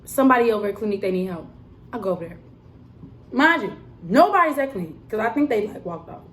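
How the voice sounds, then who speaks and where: A young woman telling a story in a casual, animated vlog style, emphatic and full of fillers. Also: mid-range voice, fast talker, slight background noise. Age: young adult. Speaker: vlogger and cosmetics counter worker.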